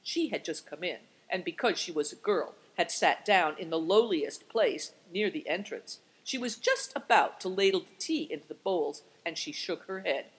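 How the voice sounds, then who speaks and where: Lively woman reading a story aloud. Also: on the low side, moderate pace, few pauses, husky, poor audio. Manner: expressive, lively delivery. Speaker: narrator.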